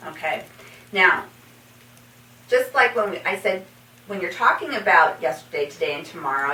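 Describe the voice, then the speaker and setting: A woman teaching a basic English lesson, spelling out example sentences slowly word by word and checking in with "okay?". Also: on the low side, bright, forceful tone. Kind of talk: slow classroom explanation. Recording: roomy echo, from a distance, faint hiss.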